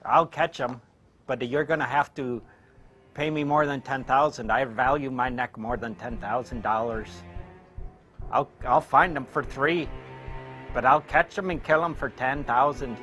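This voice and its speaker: A gruff, boastful shark hunter haggling over his fee, as a man reads him in his own plain voice. The delivery is flat and card-read, more recitation than performance. The voice sits at an ordinary middle pitch. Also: measured pace, soft background music, natural voice. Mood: gruff boasting. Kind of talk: amateur scene reenactment.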